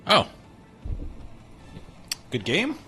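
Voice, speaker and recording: A man's voice: fairly high pitch, huge pitch swings, extremely slow, bright, forceful tone, slightly rough, soft background music. A man giving wry, joking let's-play commentary over a retro game. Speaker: gaming channel host.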